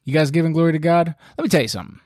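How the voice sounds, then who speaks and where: A man's voice: a little high, very fast, a little mellow, no echo, studio quality. A man giving a casual, folksy faith talk, preachy and full of fillers.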